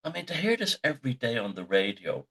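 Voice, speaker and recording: A man's voice: mid-range voice, sing-song, fast, fairly bright tone, husky. A middle-aged man, the host, telling rambling, sweary anecdotes in a casual monologue.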